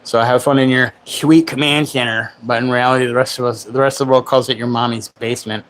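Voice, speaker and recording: A man's voice: medium pitch, fairly even intonation, fast, fairly bright tone. A man in his forties hosting a casual livestream chat from home, joking and sarcastic, laughing often. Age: 40s. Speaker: livestream host. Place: home, in Florida.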